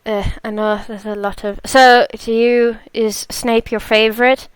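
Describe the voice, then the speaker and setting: A woman's voice: on the high side, flat delivery, unhurried, clean tone, no echo. A woman from South Africa hosting a live stream, chatting casually, laughing and reading out viewer comments. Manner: chatty, laughs often, reads chat aloud.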